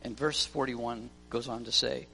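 Male pastor, storytelling sermon, bright tense tone, faint music behind. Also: mid-range voice, fairly even intonation, a little slow, creaky. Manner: storytelling preacher, acts out voices. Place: church. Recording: long reverb of a church hall, faint music.

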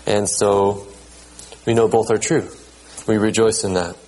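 A man's voice: fairly low pitch, fairly even intonation, a little mellow, rough recording. Conversational male preacher. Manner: conversational, repeats words, checks in with "okay?"; reads scripture aloud in a measured cadence. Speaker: pastor. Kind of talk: sermon.

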